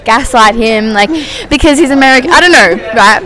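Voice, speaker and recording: High-voiced woman telling a story. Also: fairly quick, rough recording. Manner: animated, swears freely, peppered with "like". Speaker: guest friend. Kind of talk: casual storytelling.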